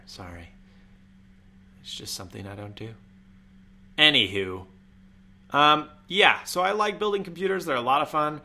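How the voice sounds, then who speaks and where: Young man, bright clear voice, casual tech chat, rambling with jokey asides. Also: medium pitch. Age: young adult. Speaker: tech live-stream host. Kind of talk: casual live-stream chat. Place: home room.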